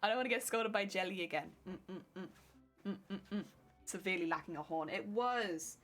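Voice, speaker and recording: A woman's voice: medium pitch, a little fast, fairly bright tone. A young woman chatting casually with her live stream viewers, laughing easily and answering chat as she works.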